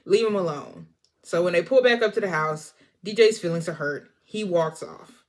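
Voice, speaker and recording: A woman casually recapping a film's plot for a vlog, animated and acting out the characters' lines. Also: on the low side, normal speed. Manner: animated storyteller, acts out the characters. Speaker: movie reviewer.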